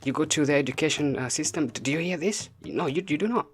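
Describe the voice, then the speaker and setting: A man's voice: on the high side, fast, soft background music. A man giving an impassioned spoken message as a spiritual teacher, repeating rhetorical questions. He is from Africa.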